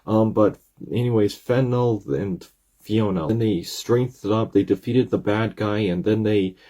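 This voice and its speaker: A man giving a casual, rambling episode recap, retelling excitedly with many restarts. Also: fairly low pitch, a little slow. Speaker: video recap creator.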